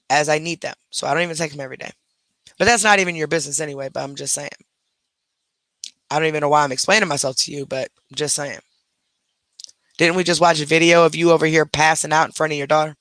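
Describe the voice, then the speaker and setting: A woman's voice: deep voice, steady tone, fast, fairly bright tone, dry recording. A woman hosting a livestream, reacting defensively and with sass to a critic. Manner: defensive, sassy, chatty. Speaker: livestream host.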